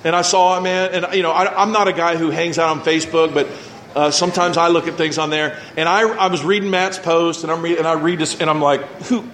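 A man's voice: fairly high pitch, steady tone, a little fast, fairly bright tone, a little hiss or hum. A male pastor preaching a conversational sermon, acting out mock voices as he talks.

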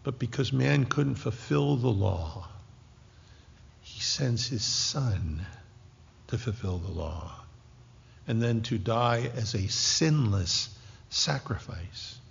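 A man in his sixties preaching a sermon, joking lightly at first and then dropping to a hushed, whispered intensity. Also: mid-range voice, slow, vocal fry, pauses often, breathy edge. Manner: animated, jokey asides that drop to hushed, whispered intensity. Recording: dull lo-fi recording with long hall reverb.

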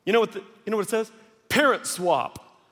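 Male pastor, high voice, lively storyteller preaching in a big reverberant church. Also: brisk. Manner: animated storytelling with acted quotes. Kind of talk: sermon. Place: large church hall. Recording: long hall reverb.

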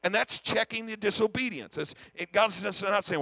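A man's voice: high-pitched, brisk, gravelly, hardly any pauses, bright, forceful tone, dry recording, poor audio. A male senior pastor preaching a sermon, emphatic, often repeating words and acting out the voices in his head.

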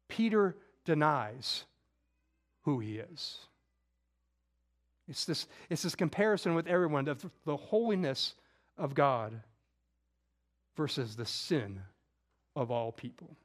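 High-voiced man preaching with dramatic swings. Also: animated, a little slow. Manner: dramatic voicing of scripture quotes, swings from loud to hushed; conversational, with casual slang. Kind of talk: sermon.

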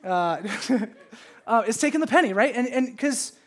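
A man's voice: very high voice, lively intonation, unhurried. A man in his thirties preaching a casual sermon to a congregation, playfully acting out his kids and God in raised voices. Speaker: pastor. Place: church service with congregation.

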